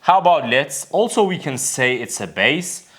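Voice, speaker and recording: A man's voice: medium pitch, very animated, moderate pace, fairly bright tone. A man teaching an English lesson, explaining step by step, repeating key words and putting questions to the class. His first language is Kurdish. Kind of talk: classroom grammar and pronunciation lesson.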